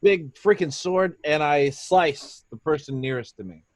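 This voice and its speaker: A man's voice: a little high, a little slow, no echo. A man playing a tabletop game, describing his character's actions in a playful, theatrical way. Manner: playful, theatrical, hums and acts out crowds. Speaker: player.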